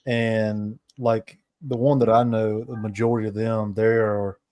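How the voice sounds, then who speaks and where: A man chatting calmly on a podcast, repeating his words as he starts his sentences. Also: lowish voice, unhurried. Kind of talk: casual chat.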